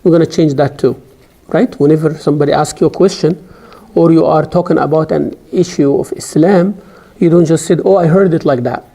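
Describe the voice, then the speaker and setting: A middle-aged man teaching an Islamic studies class, emphatic and rising sharply on key points, reciting scripture in a rapid chant. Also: a little high, fairly even intonation, gravelly, mellow. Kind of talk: classroom lecture.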